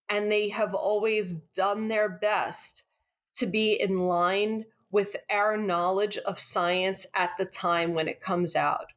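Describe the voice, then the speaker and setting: A woman comedian chatting as a podcast guest, animated and quick to laugh, often restarting her words. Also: medium pitch. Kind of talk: casual interview chat. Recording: slightly dull, lo-fi sound.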